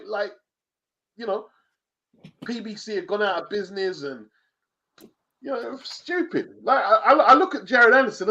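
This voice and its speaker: A man's voice: very high-pitched, a bit bright, muffled recording. A middle-aged man on a boxing panel, ranting emphatically and acting out quotes over a video call. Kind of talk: heated casual panel chat.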